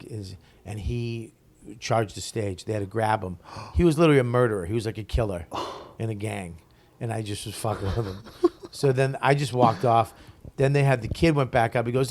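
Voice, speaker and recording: A male stand-up comedian tells stories in a relaxed interview, swearing freely along the way. He acts out the lines of the other people in his stories as he goes. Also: fairly low pitch, a little fast. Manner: profane, animated storyteller who acts out other people's lines. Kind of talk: casual storytelling interview.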